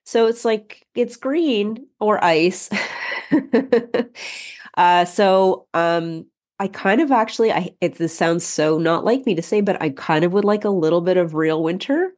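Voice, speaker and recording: A middle-aged woman co-hosting a podcast, her voice low and a bit husky from a cold. She sounds stuffed up and talks in a relaxed, meandering way, full of ums and uhs. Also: a little slow. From North America. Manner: relaxed, rambling with many fillers. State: congested with a cold, a little husky. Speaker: podcast co-host. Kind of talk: casual chat.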